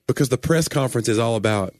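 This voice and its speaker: A man co-hosting a casual comedic chat, ranting in a jokey, animated way. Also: medium pitch, fast talker, no echo. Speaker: podcast co-host.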